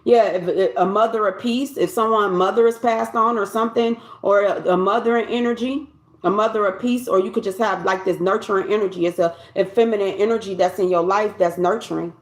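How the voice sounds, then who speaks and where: A woman's voice: medium pitch, fairly even intonation, a little fast, reverberant. A woman giving a collective tarot reading in a loose, conversational way, often repeating and restarting her phrases. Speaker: tarot reader.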